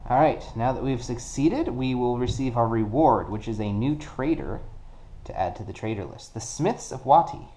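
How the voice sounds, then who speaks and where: A man casually narrating a solo card game play-through, working things out deliberately and counting dice aloud. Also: mid-range voice, lively intonation, warm tone. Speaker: board game player.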